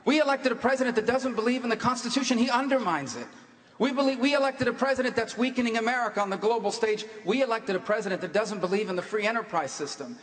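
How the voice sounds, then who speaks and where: A man speaks quickly and forcefully from a debate stage, hammering his points with repeated phrases. His voice sits high for a man. The sound carries the long echo of a big hall. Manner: forceful, emphatic, repetitive phrasing. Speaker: presidential candidate. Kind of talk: political debate answer. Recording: echoey hall reverb.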